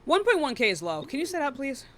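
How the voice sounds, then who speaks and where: A woman hosting a live online debate stream, blunt and profane, quick to cut people off. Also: high voice, sing-song, a bit bright, slight background noise.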